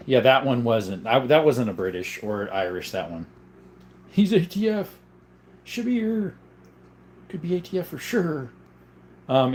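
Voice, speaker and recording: A man's voice: medium pitch, darkish tone, slight background noise. A young adult man hosting a casual livestream, reading viewer comments aloud and answering them in a loose, conversational way. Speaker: livestream host.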